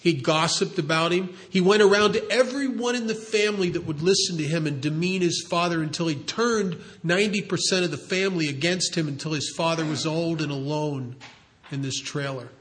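A man's voice: fairly high pitch, a little fast, fairly bright tone. Earnest man telling a counseling story. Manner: earnest, emphatic storytelling with rhetorical questions. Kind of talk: storytelling talk.

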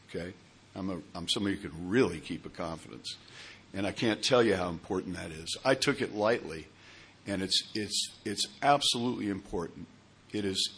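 A man telling his own recovery story to a group, in a halting way with repeated words and many fillers. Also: low-pitched, fairly bright tone, husky. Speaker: speaker sharing at a recovery meeting.

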